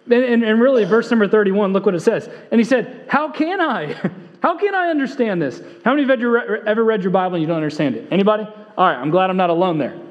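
Male pastor, high voice, sermon with earnest repetition, long church reverb on a dull recording. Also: very fast, few pauses. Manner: earnest, repeats key phrases for emphasis; conversational storytelling with fillers. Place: church sanctuary.

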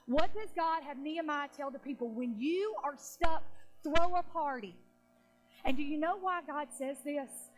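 A woman pastor preaching a sermon in church, animated and slowing down for emphasis. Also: high-pitched, poor audio.

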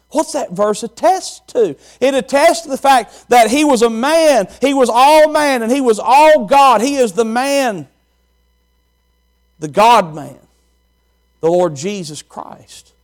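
High-voiced preacher, folksy. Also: male voice, measured pace. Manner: folksy, animated, quizzes the congregation. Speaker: pastor. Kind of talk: sermon.

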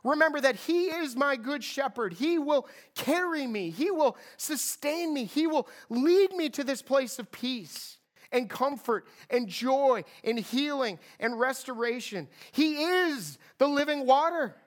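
A woman's voice: sits high, expressive, unhurried. A woman preaching a sermon in an earnest, emphatic way, repeating key phrases for weight.

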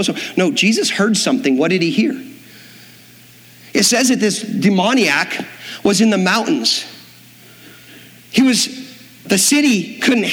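High-voiced preacher in a reverberant hall. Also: male voice, fairly bright tone. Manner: preaching with rising intensity, acting out quoted voices. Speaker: pastor. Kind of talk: sermon. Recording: long reverb in a hall, faint music behind.

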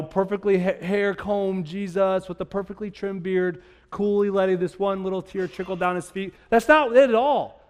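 A male pastor with a high voice preaches a sermon, building from calm teaching to impassioned, repeated declarations. His voice rings out with a long echo of a large hall. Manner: builds from quiet explanation to fervent, repeated declarations.

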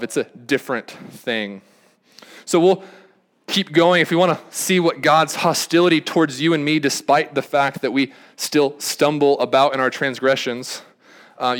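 Preaching in a medium-pitched, somewhat bright voice, a young man serving as pastor delivers a chatty, rambling sermon. He keeps breaking off to restart and wanders into side remarks.

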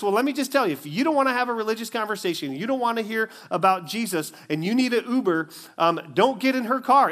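A man's voice: high voice, fairly bright tone. A man in his forties, a pastor, giving a sermon in a chatty storytelling way with many fillers.

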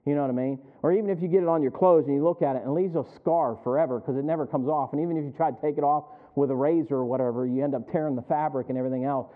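A man's voice: on the high side, fairly even intonation, rapid-fire, hardly any pauses. A man preaching a sermon in a church, folksy and joking, often quizzing the congregation. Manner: folksy, asks the congregation questions and jokes. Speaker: pastor. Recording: tinny phone-like sound.

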